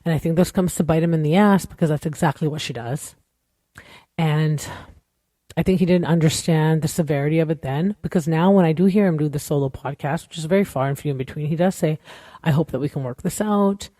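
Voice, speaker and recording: A woman's voice: low-pitched, fairly quick, warm tone, dry recording, studio quality. A woman hosting a podcast, talking through a show recap in a candid, rambling way with lots of "like" and "you know.". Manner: opinionated, candid. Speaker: podcast host. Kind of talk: casual recap chat.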